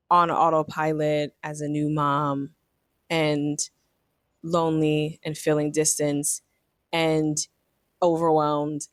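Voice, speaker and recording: A woman in her thirties, a marriage coach, telling a personal story in a reflective, earnest way with many fillers, turning animated in her examples. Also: low-pitched, dry recording, studio quality.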